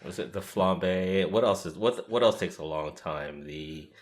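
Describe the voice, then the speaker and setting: A middle-aged man co-hosting a casual podcast, chiming in with laid-back, halting remarks. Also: low voice. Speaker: podcast co-host.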